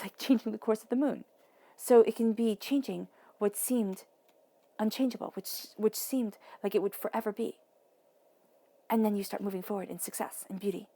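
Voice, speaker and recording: A woman giving a tarot reading, soothing, sometimes dropping to a soft whisper, with playful asides. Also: mid-range voice, gravelly. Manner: playful asides, acts out voices in quotes. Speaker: tarot reader. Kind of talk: intuitive tarot reading monologue.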